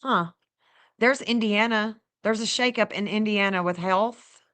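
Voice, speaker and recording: A woman hosting a casual livestream, chatty and excitable, talking straight to her viewers and laughing often. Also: mid-range voice, measured pace. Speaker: livestream host reading astrology maps.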